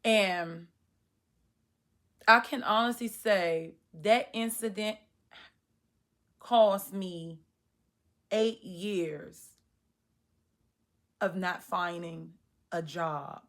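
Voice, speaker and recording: A woman in her thirties telling a personal story to the camera, animated and acting out her own past reactions. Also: fairly low pitch, very slow, long pauses. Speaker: vlogger. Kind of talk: storytime monologue.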